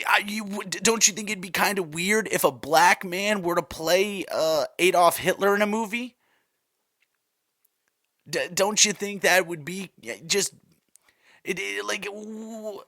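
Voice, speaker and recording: A fired-up young man hosting a solo podcast, rambling and exasperated. His voice is bright and forceful and sits a little high. The sound is dry and close. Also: no room sound. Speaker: podcast host.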